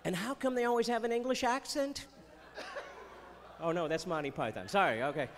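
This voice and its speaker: A man's voice: high voice, brisk, in a large hall. A man doing chatty Christian stand-up comedy on stage, with playful jokes and asides. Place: festival stage before a live audience.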